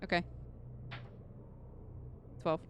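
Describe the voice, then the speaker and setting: A woman's voice: very slow, a little hiss or hum. A woman casually chatting as a player in a tabletop game, talking and laughing easily.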